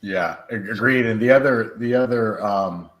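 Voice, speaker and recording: A man's voice: lowish voice, normal speed, fairly bright tone. A man co-hosting a paranormal talk show, explaining his points eagerly and listing them one after another. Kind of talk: casual chat. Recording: roomy echo.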